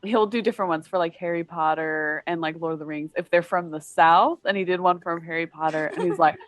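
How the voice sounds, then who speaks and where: A woman's voice: fairly low pitch, fairly even intonation, fairly quick, no echo. A woman in her thirties co-hosting a casual podcast, rambling with many fillers and frequent giggles. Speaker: podcast co-host.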